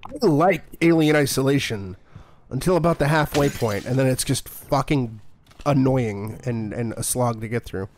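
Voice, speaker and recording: A man's voice: medium pitch, normal speed, a little mellow, a little hiss or hum. A man streaming a horror game in casual commentary, blunt and profane, often muttering to himself.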